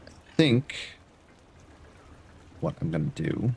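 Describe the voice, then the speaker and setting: A man's voice: mid-range voice, big pitch swings, takes it slowly, vocal fry, a little mellow, a little hiss or hum. A man streaming a building game, muttering and thinking aloud as he plays. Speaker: variety streamer. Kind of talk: casual gameplay commentary.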